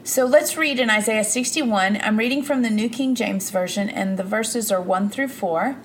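A woman's voice: medium pitch, normal speed, a little hiss or hum. A woman podcast host giving an earnest devotional teaching with prayer, building emphasis through repeated phrases. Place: Granbury, Texas.

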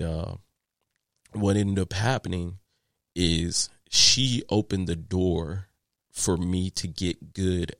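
A man with a very deep, gravelly voice tells his story in an interview, candid and animated, stumbling through fillers and restarts. The recording is close and dry. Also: dry recording. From Texas. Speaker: guest, landscaping business owner.

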